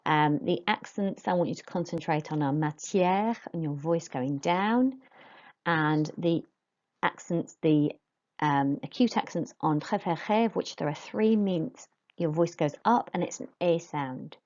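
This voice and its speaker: Teacher woman, slow modelled French words. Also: deep voice, a little mellow, dull audio. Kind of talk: recorded pronunciation lesson.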